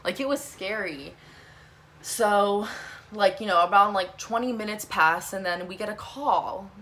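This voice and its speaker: A young woman telling a storytime vlog, talking fast and animated, swearing a lot and saying "like" often. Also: medium pitch. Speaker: vlogger.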